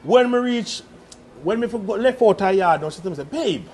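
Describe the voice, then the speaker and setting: A man's voice: sits high, brisk, slight background noise. A young Jamaican man telling a loose, laughing story in patois. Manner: laughs often while telling, lively and loose.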